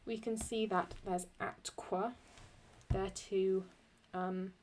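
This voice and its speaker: Woman teacher going over latin scansion, slow easygoing pace, chatty, fixes her own slips, reads the latin lines out carefully. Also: medium pitch, fairly even intonation, darkish tone. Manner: chatty, thinks aloud, self-correcting; slow, deliberate Latin recitation. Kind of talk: screen-recorded lesson.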